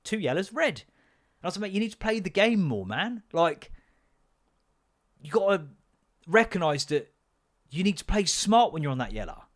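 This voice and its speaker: A man hosts his own podcast as a fed-up father. His voice sits a little above the usual male pitch. He talks bluntly, swears freely and pushes every point hard. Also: very animated, normal speed, pauses often. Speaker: podcast host. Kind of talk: comedic parenting rant.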